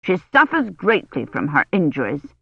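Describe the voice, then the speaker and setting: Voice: medium pitch, huge pitch swings, normal speed, vocal fry, slightly rough, no echo, highs cut off, full character voice. A reader voicing a stern, disapproving old medieval noblewoman who speaks curtly and scolds. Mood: scolding. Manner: curt, scolding. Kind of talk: audiobook character voice.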